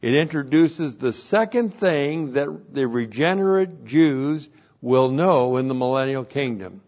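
Slow, emphatic male Bible teacher. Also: mid-range voice, animated, a little mellow, lo-fi sound. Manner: slow, emphatic, repeats key phrases. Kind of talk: verse-by-verse Bible exposition.

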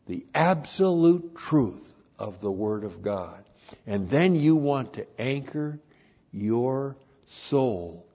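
A man delivers a sermon at an unhurried, deliberate pace, stressing key words and repeating them for emphasis. He spells out Greek terms letter by letter. The recording sounds muffled and lo-fi, as if captured in a church. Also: fairly low pitch, dark tone. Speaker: pastor. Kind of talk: expository sermon.

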